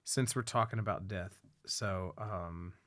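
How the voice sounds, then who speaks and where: A man's voice: deep voice, a little slow, a bit bright, dry recording. A man co-hosting a podcast in casual chat, loose and swearing often. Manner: loose, swears a lot, many fillers. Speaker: podcast co-host.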